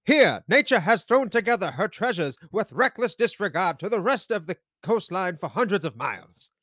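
A man's voice: sits high, sing-song, moderate pace, sharp tone, dry recording, voice pushed up, exaggerated voice. A man doing an old-timey newscaster. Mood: grandiose. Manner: theatrical, overblown announcer delivery. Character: 1880s old-timey male newscaster, grandiose.

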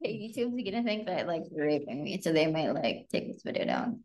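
A woman's voice: sits low, sing-song, fairly quick, a little mellow, roomy sound. A woman hosting a podcast, chatting frankly about relationships and using lots of fillers. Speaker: podcast host. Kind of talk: casual relationship chat.

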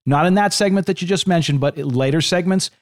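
A man co-hosting a wrestling podcast who lays out his points in a measured, analytical way. His voice sits a little high for a man, and he slips in dry asides now and then. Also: no room sound. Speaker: podcast co-host. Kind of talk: casual wrestling podcast chat.

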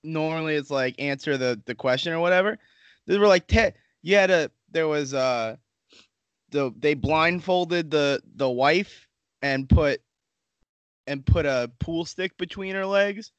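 A man's voice: fairly high pitch, unhurried, clear, resonant tone, no echo, muffled recording. A man co-hosting a podcast, telling loose, profane stories in casual chat. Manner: crude, swearing, laid-back storyteller. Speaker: podcast co-host.

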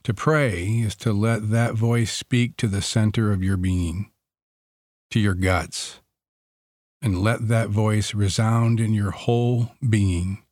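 A man leading a guided Christian meditation, speaking softly and slowly with long pauses between phrases. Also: fairly low pitch, fairly even intonation, no room sound, studio quality.

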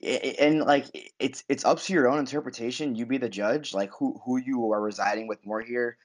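A man's voice: mid-range voice, steady tone, brisk. A man co-hosting a podcast, talking casually about a TV show in a rambling way full of "like" and restarts. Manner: rambling, many fillers and restarts. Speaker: podcast co-host. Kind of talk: casual TV discussion.

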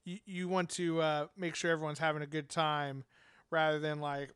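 A man's voice: a little high, flat delivery, moderate pace, a bit bright, clean tone, no room sound, clean studio sound. A man chatting casually as a podcast host about running a tabletop game, rambling with lots of fillers and laughter. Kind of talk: casual chat.

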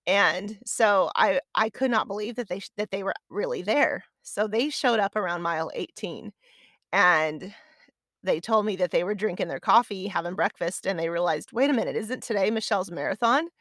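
A woman's voice: medium pitch, normal speed, fairly bright tone, no room sound, clean studio sound. A woman hosting her own podcast, telling a personal story in a chatty, conversational, self-deprecating way. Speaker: podcast host. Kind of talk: casual storytelling.

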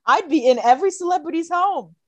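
A woman's voice: extremely high pitch, animated, a little fast, dry recording. A woman co-hosting a casual podcast, chiming in with playful, joking asides about a TV episode. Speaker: podcast co-host.

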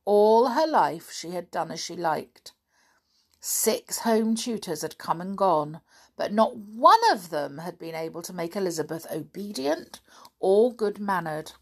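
A woman reading a children's story aloud in an expressive, lively storybook manner. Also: mid-range voice, unhurried, breathy edge.

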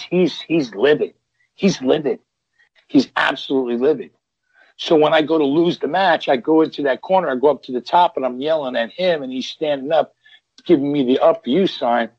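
A man's voice: mid-range voice, breathy edge, no echo. A middle-aged man, a veteran wrestler and podcast guest, telling stories in a rambling, casual way with lots of restarts. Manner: rambling, restarts and repeats, lively retelling of quotes. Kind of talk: casual storytelling. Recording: dull, dry sound.

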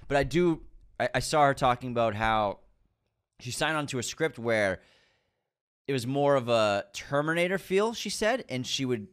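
A man co-hosting a casual chat, talking in a relaxed, rambling way and hedging his guesses as he recaps the news. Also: mid-range voice, normal speed, smooth. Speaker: podcast co-host.

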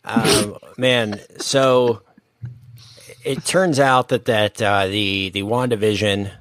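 A man co-hosting a casual podcast chat, talking with excited bursts and plenty of fillers. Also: lowish voice, slow pace, no echo. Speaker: podcast co-host. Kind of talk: casual chat about movies.

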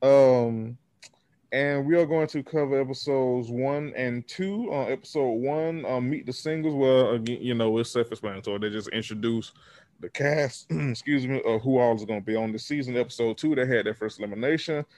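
A man's voice: mid-range voice, normal speed, darkish tone, no room sound. A man hosting a podcast, casual and blunt, running through the episode rundown. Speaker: podcast host.

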